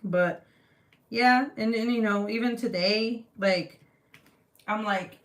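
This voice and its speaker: A woman in her thirties hosts a casual livestream, telling family stories in a lively, profane way and reading viewers' comments aloud. Her voice sits at a middle pitch and sounds set back from the mic. The room adds a noticeable echo. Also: normal speed. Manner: profane, animated storytelling. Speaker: livestream host. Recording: roomy, distant from the mic.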